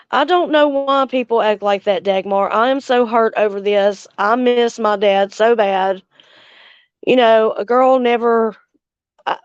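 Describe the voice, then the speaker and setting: A woman's voice: mid-range voice, smooth, no echo, lo-fi sound. Angry, blunt woman in her forties. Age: 40s. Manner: angry, blunt, heavy swearing, reads out viewer comments. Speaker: livestream host. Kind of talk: casual livestream chat with viewers.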